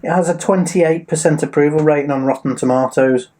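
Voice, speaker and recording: A man co-hosts an easygoing entertainment chat. He reads film trivia with plenty of ums and small slips, in a slightly higher voice. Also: brisk, warm tone. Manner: chatty, reads facts with filler ums. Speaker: co-host. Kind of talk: casual chat.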